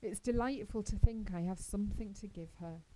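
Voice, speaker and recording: A woman reading aloud as a chatty, dreamy orphan girl who gushes with wide-eyed excitement. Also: mid-range voice, normal speed, lightly acted, rough recording. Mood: eager. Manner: breathless, gushing and wide-eyed. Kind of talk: audiobook character reading.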